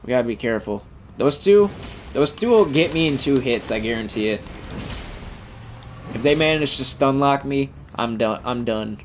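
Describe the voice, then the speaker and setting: A man's voice: mid-range voice, expressive, moderate pace, pauses often, slight background noise. A man giving profane, trash-talking commentary over his own gameplay as the channel host.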